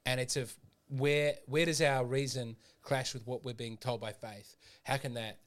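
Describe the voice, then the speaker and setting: A man's voice: medium pitch, steady tone, normal speed, a bit bright. A man co-hosting a podcast in casual chat. He speaks reflectively and often trails off mid-sentence. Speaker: podcast co-host.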